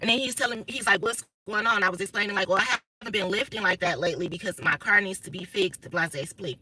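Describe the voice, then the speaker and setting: A woman's voice: medium pitch, fast, bright, forceful tone, slightly rough, no room sound, rough recording. A woman, talking bluntly and profanely through a casual livestream monologue. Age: 30s. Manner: blunt, profane, emphatic storytelling. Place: inside a car.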